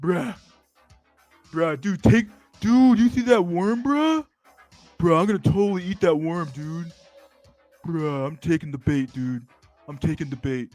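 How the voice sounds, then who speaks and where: A man's voice: a little high, animated, a little slow, pauses often, a little mellow, faint music behind, voice pushed up. A man voicing a dim-witted, eager male fish who talks like a bro and keeps saying "bruh" and "dude.". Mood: excited. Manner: repeats "bruh" and "dude" constantly.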